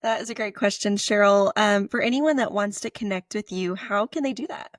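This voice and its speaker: A woman's voice: mid-range voice, brisk, dry recording, studio quality. A woman hosting a podcast interview, asking polite questions as she wraps up the show. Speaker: podcast host. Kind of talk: casual interview talk.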